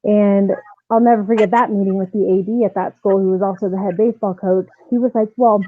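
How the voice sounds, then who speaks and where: A woman softball coach telling her personal story as a podcast guest, earnest and animated, with frequent fillers. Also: mid-range voice, quick pace. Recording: tinny phone-like dry line.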